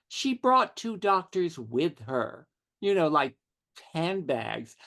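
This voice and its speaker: Middle-aged man, interview guest, witty animated storyteller, lively pitch, gravelly. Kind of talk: conversational anecdotes.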